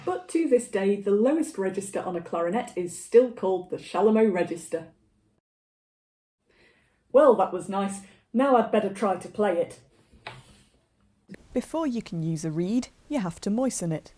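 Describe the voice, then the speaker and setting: Woman vlogger, wry and self-mocking, warm mellow voice, faint music behind. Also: mid-range voice, lively intonation, normal speed, long pauses. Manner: self-deprecating, dry humour. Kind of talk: casual instructional vlog.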